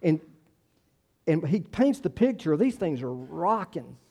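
A man's voice: on the high side, very animated, measured pace, gravelly, warm tone, slightly rough. A man in his sixties preaching a sermon in a folksy, conversational way, repeating words and telling personal stories. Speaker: pastor.

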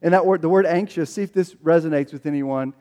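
High-voiced pastor preaching in a reverberant hall. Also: male voice, quick pace, lo-fi sound. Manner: animated, acts out quoted voices. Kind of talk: sermon.

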